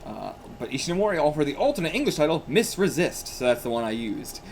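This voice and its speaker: A man's voice: fairly high pitch, very animated, fast, a little mellow. A man reacting to old manga on camera, rambling casually with lots of "like" and "you know" and frequent laughs. His voice sits a little above the usual for a man and moves up and down a lot. A faint room hum runs behind him. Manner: chatty, laughs often, fillers like "you know".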